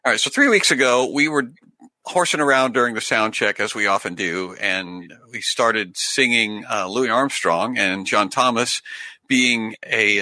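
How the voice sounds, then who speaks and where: A man's voice: lowish voice, a little slow, bright, forceful tone, poor audio. A man co-hosting a live comedy stream, chatting and laughing in a playful way. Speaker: comedy show co-host. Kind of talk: casual live-stream banter.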